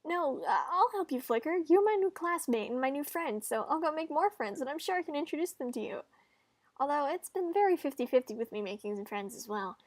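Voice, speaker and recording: A woman's voice: sits high, expressive, brisk, no room sound, voice pushed up. Woman voicing a kind, upbeat student hero. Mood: kind, reassuring. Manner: bright, reassuring and friendly.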